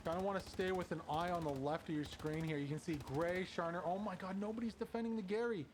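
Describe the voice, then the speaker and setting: A man casting a competitive online shooter match as play-by-play commentator, quick and conversational, climbing in pitch when the action heats up. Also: background noise. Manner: excited, rising sharply at big plays. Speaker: shoutcaster.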